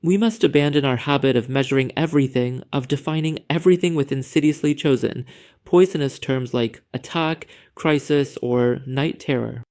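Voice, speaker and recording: A man speaking as a psychologist in scripted narration, with a measured, didactic lecturing manner. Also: medium pitch, a little mellow, no room sound, studio quality.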